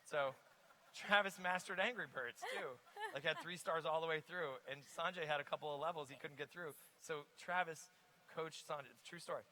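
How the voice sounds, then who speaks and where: Investor guest, bright forceful voice, lively storyteller on a conference stage. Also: male voice, a little high, moderate pace, a little hiss or hum, poor audio. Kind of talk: onstage conference interview.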